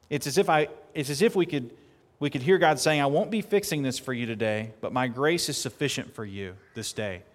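A man preaching a sermon earnestly, at times building to emphatic, louder peaks. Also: mid-range voice. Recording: long hall reverb.

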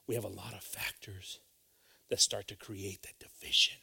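A man's voice: on the low side, steady tone, normal speed, vocal fry, sharp tone, a little hiss or hum. A man preaching a sermon in an earnest, emphatic way, repeating phrases for weight.

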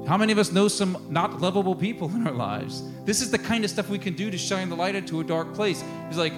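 A man's voice: high-pitched, animated, fast, hardly any pauses, over music. A man preaching a sermon in a casual, conversational way, acting out quotes and laughing now and then. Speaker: pastor.

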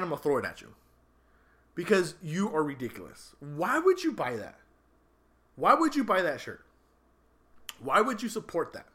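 A man hosting a casual talk podcast, ranting in an exasperated, animated way. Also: fairly high pitch, normal speed, pauses often. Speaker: podcast host. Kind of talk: casual opinionated chat.

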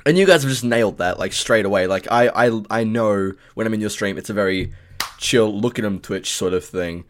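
A fairly low-voiced Australian man hosts a casual podcast chat. He rambles along with plenty of fillers and the odd swear word, sounding relaxed and chatty. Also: fairly quick. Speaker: podcast host and streamer.

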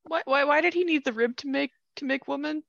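A woman co-hosting a podcast, chatty and quick to joke, with a bright, sharp-edged voice. Her talk is full of fillers and asides. The sound is dry and a bit dull. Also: high-pitched, vocal fry, dry recording. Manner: chatty, jokey, many fillers and laughs. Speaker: podcast co-host. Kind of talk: casual chat. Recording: dry, slightly dull home mic.

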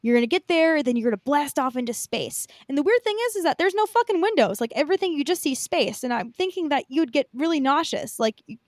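Rambling young woman, high voice. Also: expressive, fast talker, hardly any pauses, no room sound, studio quality. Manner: rambling, filler-heavy, swears casually. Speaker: podcast co-host. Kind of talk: casual chat.

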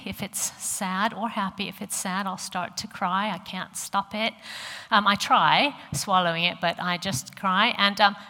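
Bright-voiced American woman preaching. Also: mid-range voice, big-room sound. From USA. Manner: warm, chatty and earnest, with many fillers. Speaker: church speaker. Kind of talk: sermon with personal stories.

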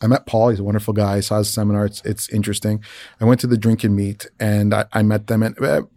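A man telling a casual career anecdote in an animated way, often repeating and restarting words and acting out what others said. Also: fairly low pitch, fast talker, no room sound, studio quality. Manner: animated, re-enacts dialogue, frequent repeats and restarts. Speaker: visual effects artist telling a career story.

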